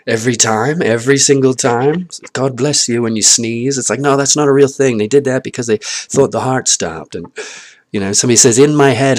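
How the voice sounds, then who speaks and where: Man, low and husky, self-mocking ranter swearing to camera, dry close recording. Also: normal speed, no room sound. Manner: swearing, laughing, swinging between loud and muttered. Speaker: vlogger. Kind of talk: rambling personal monologue.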